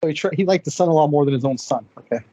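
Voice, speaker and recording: A man in casual podcast chat, rattling off wry remarks at a fast clip. His voice is husky and mellow, a touch higher than most. It sounds dry and dull, like a lo-fi mic. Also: no echo. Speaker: podcast co-host.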